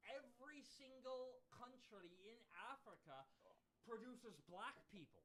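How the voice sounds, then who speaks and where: A woman's voice: fairly high pitch, animated, measured pace, a bit bright, slight background noise. A woman co-hosting a casual podcast, talking bluntly with lots of swearing and stammered restarts. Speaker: podcast co-host.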